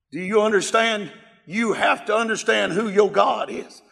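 A middle-aged man preaching a sermon, telling a story with fervent emphasis and bursts of shouting. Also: sits high, moderate pace, creaky. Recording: long hall reverb.

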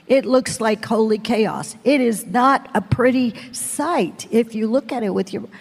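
A woman in her forties preaching and telling her testimony in a lively, animated way, often laughing. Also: a little high, a little slow, husky. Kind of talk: sermon testimony. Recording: long hall reverb.

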